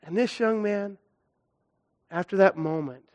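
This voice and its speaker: A young man preaching a sermon as a guest speaker, animated and acting out stories with big jumps in his voice. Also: measured pace. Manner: animated, acts out stories with big pitch swings.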